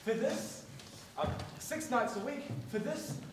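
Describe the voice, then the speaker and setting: A young performer in a school play acting a stern German shopkeeper with a German accent and broken, formal phrasing. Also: male voice, very high-pitched, unhurried, background noise. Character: stern older German shopkeeper man, gruff. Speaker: newsagent employer. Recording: echoey hall, from far off.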